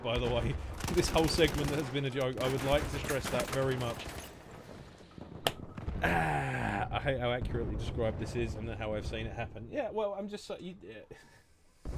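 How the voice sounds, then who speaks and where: A young man hosts a gaming channel, rambling through joking, sarcastic gameplay commentary and laughing often. His voice is medium-pitched, and the noisy background has clear game gunfire behind it.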